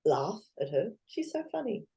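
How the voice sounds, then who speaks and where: A woman's voice: medium pitch, normal speed, creaky, husky. A woman, a guest in a casual interview, talking animatedly and acting out what others say. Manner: animated, acts out quoted voices, laughs often.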